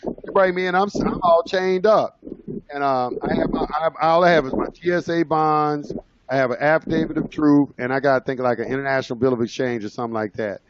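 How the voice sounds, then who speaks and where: A man's voice: fairly high pitch, fairly even intonation, a little fast, dull audio, a little hiss or hum. A man casually telling his own courtroom story, rambling with many fillers and restarts. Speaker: speaker sharing his own experience.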